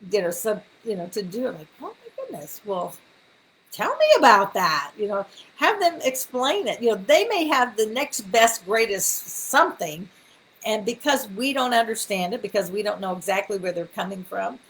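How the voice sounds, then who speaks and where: A woman's voice: mid-range voice, expressive, normal speed, a little hiss or hum. A middle-aged woman, hosting a live faith talk in a folksy, encouraging way with many ums and asides. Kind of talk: casual live-stream teaching.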